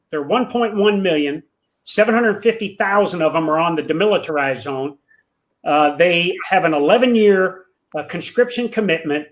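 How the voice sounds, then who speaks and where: A man guest speaking in emphatic, measured tones in a casual chat. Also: high-pitched, rough recording.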